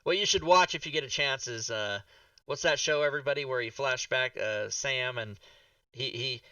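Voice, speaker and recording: A man hosting a podcast, telling a rambling, animated story full of swearing and acted-out reactions. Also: mid-range voice, normal speed, no room sound, far from the mic, poor audio. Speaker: podcast host. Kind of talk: casual chat.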